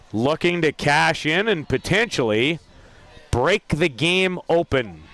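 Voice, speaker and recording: A man calling a softball game play by play, lively, with self-deprecating asides about player names. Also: fairly high pitch. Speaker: play-by-play announcer. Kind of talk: sports commentary.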